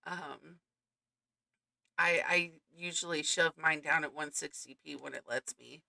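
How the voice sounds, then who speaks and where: A woman's voice: sits low, fairly even intonation, unhurried, gravelly, bright, forceful tone, no room sound, poor audio. A young woman streaming a game, chatting with viewers and reading the game text aloud in an effusive way. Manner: chatty, greets chat, effusive.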